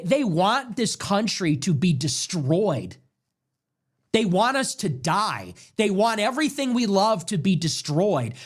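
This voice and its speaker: Angry man ranting in a lively voice. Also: high voice. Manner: angry, preachy, repetitive emphatic phrasing. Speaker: political livestream host. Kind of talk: impassioned political monologue.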